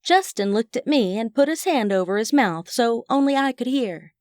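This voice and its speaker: A woman's voice: a little high, animated, normal speed, darkish tone, dry recording, studio quality. A woman narrating a first-person audiobook in a wry, chatty manner.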